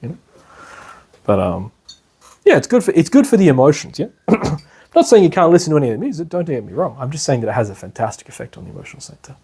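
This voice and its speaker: A man's voice: a little high, very animated, fast talker, warm tone, breathy edge. A young man giving a casual, rambling lecture to a class, full of "you know" and asides. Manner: chatty and rambling, with frequent "you know" and laughs. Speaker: meditation class teacher.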